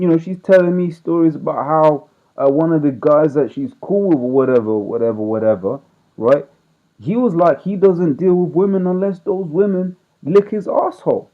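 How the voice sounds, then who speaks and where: A man teaching scripture in a loose, rambling, conversational way, constantly checking in with "right?". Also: a little high. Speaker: street preacher. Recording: tinny phone-like audio.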